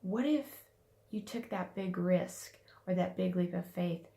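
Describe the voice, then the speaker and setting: A woman's voice: on the low side, a little slow, vocal fry, dark tone. A woman success coach giving a casual weekly motivational talk, chatty with fillers and restarts.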